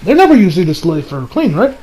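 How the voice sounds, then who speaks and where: Young male reviewer with a high voice, ranting casually, swears freely and hams up his own reactions. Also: big pitch swings, racing, warm tone, low-quality recording. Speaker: anime reviewer. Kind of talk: casual video review rant.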